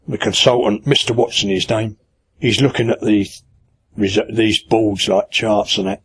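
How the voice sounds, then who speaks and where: An older man from Kent, telling a story in casual, colloquial speech with blunt humour and acting out the dialogue. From Kent, England. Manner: lively yarn-spinner, acts out quoted dialogue with raised pitch. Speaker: angling broadcaster interviewee.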